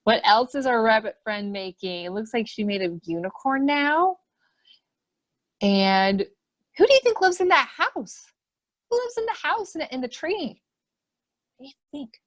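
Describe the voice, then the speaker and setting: A woman hosts a webinar for preschoolers, reading a picture book aloud over a computer mic. Her voice sits high and swoops widely as she fills each page with gasps and questions for the children. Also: sing-song, measured pace, pauses often. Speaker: children's program host.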